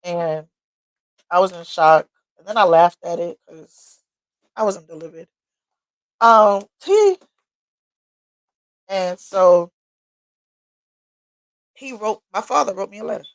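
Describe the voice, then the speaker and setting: A woman sharing a personal story on a livestream, candid and blunt, tearful and sniffling. Her voice has a gravelly edge, and the sound is dry and close. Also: medium pitch, lively intonation, slow pace, long pauses, dry recording, low-quality recording. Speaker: livestream host. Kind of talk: personal testimony talk. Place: home workshop.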